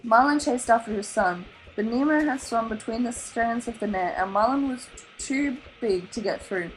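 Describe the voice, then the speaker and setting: A woman with an Australian accent reading a children's novel aloud in an animated, expressive way. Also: fairly high pitch, normal speed, faint music behind, rough recording. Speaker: storybook reader.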